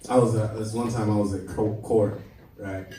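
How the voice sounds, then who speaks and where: A man from San Diego doing a stand-up set, telling stories with animated asides to the crowd. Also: lowish voice, moderate pace, a little hiss or hum. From San Diego, USA. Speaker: stand-up comedian. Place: comedy club stage. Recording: roomy club, far from mic, audience laughter.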